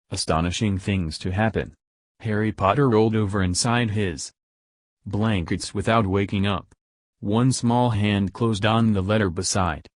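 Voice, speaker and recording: A man reading a children's fantasy novel aloud in a measured, even storytelling voice. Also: on the low side, dry recording. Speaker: audiobook reader. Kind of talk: storybook narration.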